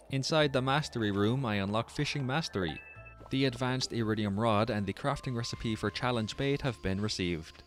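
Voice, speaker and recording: A man narrating his farming game playthrough in a calm, matter-of-fact, scripted way, recounting each step in order. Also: fairly low pitch. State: losing his voice, speaking softer. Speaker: gaming YouTuber. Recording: faint background music.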